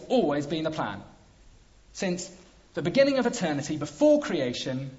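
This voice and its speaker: A man preaching a sermon, emphatic, with dramatic pauses. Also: high-pitched. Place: church hall. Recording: dull lo-fi sound.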